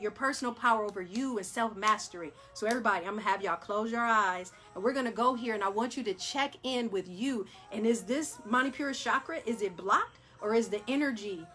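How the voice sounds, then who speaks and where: A fairly high-pitched wellness host runs a chakra meditation session, chatting excitedly, turning to her y'all audience with questions, and saying "right?" again and again. After her hyped stretches, she slows down and softens for the breathing parts.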